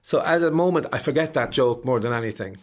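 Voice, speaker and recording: A man's voice: medium pitch, quick pace. An Irish man in his fifties, a stand-up comedian chatting in an interview and acting out voices as he tells stories. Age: 50s. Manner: animated storyteller acting out voices. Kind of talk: casual interview chat.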